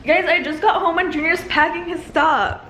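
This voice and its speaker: A woman's voice: extremely high pitch, moderate pace, a bit bright, a little hiss or hum, poor audio. A young adult woman chatting casually to camera in a daily vlog, often cooing at her cat. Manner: chatty, talks baby-talk to her cat. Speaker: vlogger.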